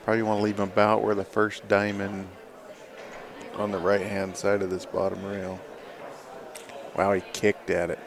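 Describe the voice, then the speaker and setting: A man giving measured, laid-back play-by-play commentary on a pool match. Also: on the low side, completely flat delivery, crowd noise.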